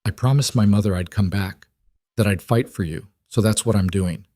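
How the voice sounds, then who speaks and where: A man's voice: on the low side, moderate pace, dark tone, no room sound, studio quality, close to an everyday voice. A man voicing a fierce, determined young she-wolf heroine with an urgent, defiant manner.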